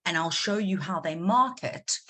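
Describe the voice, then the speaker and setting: With slight background noise behind her, a South African maths teacher quizzes her students during a live online revision class in a fairly low, sharp-toned, expressive voice. She moves at a measured pace, encouraging the class and repeating important points.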